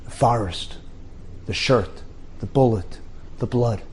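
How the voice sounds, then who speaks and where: A middle-aged man, a rabbi, telling an inspirational story in short, dramatic phrases with pauses. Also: mid-range voice, a little mellow, slight background noise.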